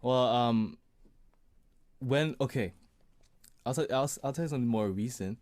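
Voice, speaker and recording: Relaxed, laid-back man in a dry interview. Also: medium pitch, dry recording. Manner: relaxed, laughs easily, halting restarts. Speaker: singer-songwriter and producer guest. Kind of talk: casual interview chat.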